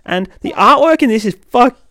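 A man's voice: very high voice, expressive, moderate pace, pushed and bright, no room sound. A man reading a comic aloud to his young child, playful and sing-song, with big reactions. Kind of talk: animated comic read-aloud.

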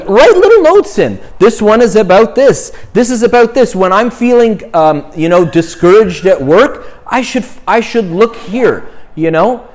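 Male priest, young adult, casual sermon, high voice, very animated, conversational fillers. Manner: chatty, filled with "right?" and "you know". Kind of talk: informal sermon on prayer.

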